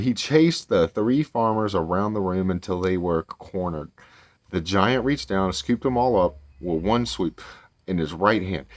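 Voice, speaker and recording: A deep-voiced man reads a children's storybook aloud in a casual way, breaking off into rambling, chatty asides. His voice swings widely in pitch, and he often corrects himself as he goes. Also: no echo.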